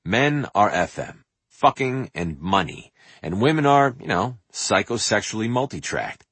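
Husky low-voiced man reading his memoir. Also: unhurried, no echo. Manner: animated and profane, acts out quotes and sings snippets. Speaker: memoir narrator.

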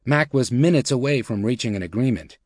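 A man's measured, steady reading of a nonfiction audiobook comes through at an ordinary middle pitch. This narrator's scripted delivery is recorded dry and close, with nothing of the room audible.

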